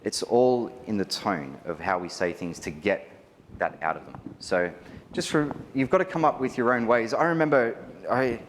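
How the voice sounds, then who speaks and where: An Australian man giving a wedding photography seminar, chatty and animated, often asking the audience questions. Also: on the low side, normal speed, a little hiss or hum. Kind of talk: live seminar talk to an audience. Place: large hall. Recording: reverberant hall with faint ambience.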